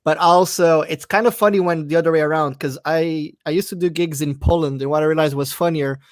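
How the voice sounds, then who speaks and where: A man comedian co-hosting a casual chat, talking in a thoughtful, halting way. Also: on the high side, steady tone, no room sound. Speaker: comedian, co-host.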